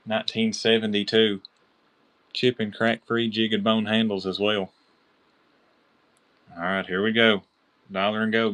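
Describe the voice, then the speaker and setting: A man with a lowish voice and a Kentucky accent is selling knives on a live-stream auction. He's chatty and excited, calling out bidders by name.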